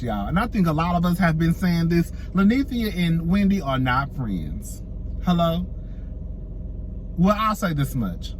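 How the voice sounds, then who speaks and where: With a slightly high voice and some faint background noise, this man delivers chatty reality-TV gossip with plenty of sass. He's a celebrity gossip vlogger who laughs a lot and addresses his audience as "girl" and "y'all."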